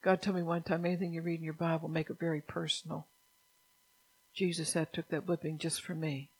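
A middle-aged woman delivers a fervent sermon, scolding her listeners and pushing into loud, emphatic bursts. Her pitch stays narrow and flat even as the volume climbs. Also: brisk, breathy edge. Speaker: preacher.

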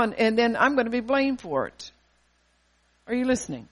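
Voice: medium pitch, very animated, normal speed, long pauses, fairly bright tone. Older preacher, emphatic and bold. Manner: emphatic, scripture-quoting, rhetorical questions. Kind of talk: sermon.

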